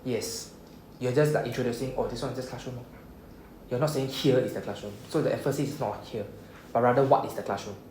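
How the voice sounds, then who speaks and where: A man's voice: mid-range voice, steady tone, fast, darkish tone. A man with a Singaporean English accent runs a beginner Japanese lesson in a classroom. He explains patiently and keeps checking in with "okay?" and "right?". The room is echoey, with a faint hum of background noise. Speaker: Japanese language teacher.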